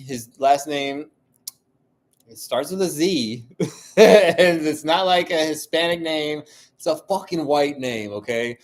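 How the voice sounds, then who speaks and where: A man of ordinary pitch vents alone on his podcast. He swears constantly and strings his thoughts together with "like" and "you know". His heated rant keeps looping back on itself. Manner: heated, profane ranting with many fillers. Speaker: solo podcast host. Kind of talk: casual monologue.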